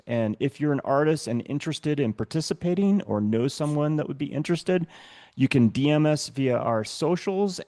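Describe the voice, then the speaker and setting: A man's voice: mid-range voice, darkish tone, no echo, clean studio sound. A man hosting a podcast, easygoing in chat and reading announcements and guest intros. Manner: easygoing, friendly, reads intros smoothly. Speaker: podcast host. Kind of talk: casual chat and show announcements.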